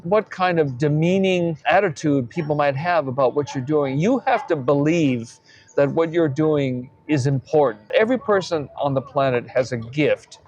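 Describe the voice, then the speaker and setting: A man's voice: on the high side, darkish tone. A man, an architect, answering interview questions in an earnest, emphatic way. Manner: earnest and emphatic, tells anecdotes with voiced quotes.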